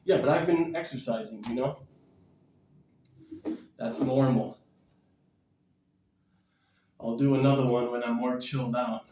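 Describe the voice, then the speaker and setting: A man vlogging about diet and exercise in a blunt, energetic, preachy way, sometimes moving about as he talks. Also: medium pitch, a little slow, pauses often, roomy sound, distant mic, a little hiss or hum. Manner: energetic, bouncing and shadow boxing while talking. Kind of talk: casual motivational vlog.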